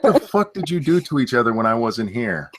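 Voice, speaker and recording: A man co-hosting a casual talk show, wry and quick to swear. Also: medium pitch, very animated, fairly bright tone, no room sound, studio quality. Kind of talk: casual podcast chat.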